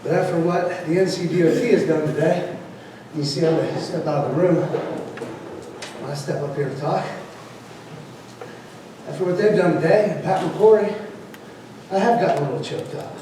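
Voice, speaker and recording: A defiant man delivers an impassioned public comment at a meeting. His voice sits somewhat high and carries from a distance in a very echoey hall, with a noisy hiss beneath it. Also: moderate pace, long pauses, dark tone.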